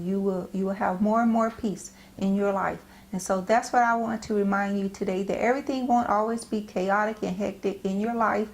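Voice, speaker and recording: A middle-aged woman shares a devotional message in an earnest, gentle way. She often pauses and restarts her phrases. Her voice sits at a medium pitch. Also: steady tone. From United States. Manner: halting, repeats and restarts phrases. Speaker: Christian speaker. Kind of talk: personal devotional talk.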